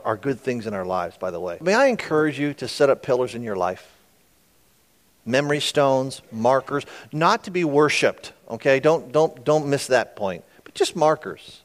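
A man preaching a sermon, retelling scripture with folksy, conversational asides to his listeners. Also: mid-range voice. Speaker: pastor.

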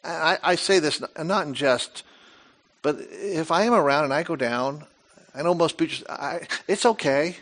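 Retelling scripture in his sermon, a male pastor with a fairly high voice keeps a moderate pace, telling the story dramatically and with lively energy while posing many rhetorical questions.

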